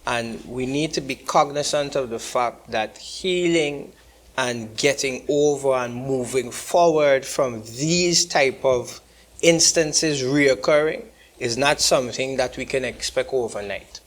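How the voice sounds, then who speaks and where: A man's voice: mid-range voice, slow pace. A man with a Guyanese accent, an activist guest speaking earnestly on a panel and stressing key words. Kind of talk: panel discussion.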